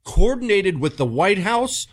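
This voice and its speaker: A male talk radio host delivers blunt, fiery commentary on a studio mic. His pitch leaps and dips as he punches his points, and the sound is close and dry. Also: sing-song, unhurried, no room sound. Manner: emphatic, fiery and blunt, with rising outbursts. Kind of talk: talk radio commentary reading listener mail.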